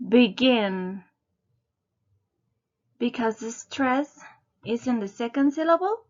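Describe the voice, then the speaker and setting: A woman slowly and deliberately narrating a scripted English grammar lesson, spelling out word endings letter by letter. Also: a little high, darkish tone, muffled recording. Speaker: English teacher.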